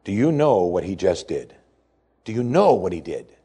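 A man preaching a sermon, explaining scripture with emphasis that rises sharply in pitch. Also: normal speed, husky. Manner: animated preaching, voice climbing high for emphasis. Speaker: pastor.

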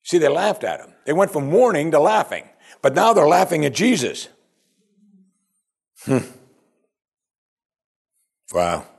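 Husky-voiced preacher with lively pitch. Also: male voice, takes it slowly, long pauses. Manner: animated, rhetorical questions to the congregation. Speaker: pastor. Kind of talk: sermon.

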